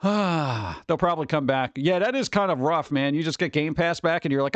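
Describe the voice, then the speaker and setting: Male streamer, rambling chat voice, very lively and up high. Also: brisk, no room sound, lo-fi sound. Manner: rambling and animated, reads chat aloud. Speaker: live streamer chatting with viewers.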